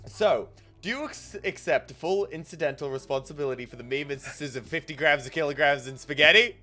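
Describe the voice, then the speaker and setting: A man's voice: fairly high pitch, fairly quick, bright, forceful tone, faint music behind. A young man hosting a casual stream chat, reading viewer messages aloud, rambling with many fillers and frequent giggles. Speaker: streamer host.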